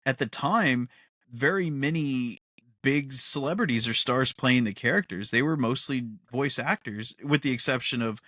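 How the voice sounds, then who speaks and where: A man's voice: mid-range voice, moderate pace, bright, forceful tone, no echo, clean studio sound. A man co-hosting a podcast in a casual chat, rambling with enthusiasm and laughing often. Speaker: podcast co-host.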